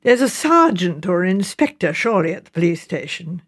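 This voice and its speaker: A curt, practical gentleman, clipped and a little impatient, read by a woman. His lines come with lively ups and downs. This is a storybook voice. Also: lowish voice, a little fast, breathy edge. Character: impatient, reasonable London gentleman, the story's narrator.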